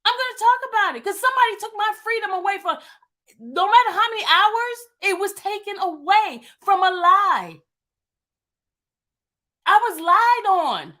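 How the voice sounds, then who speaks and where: Fifties woman, very high pitch, emphatic vlogger monologue with a heated, repetitive delivery. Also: animated, normal speed, sharp tone. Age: 50s. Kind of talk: impassioned monologue.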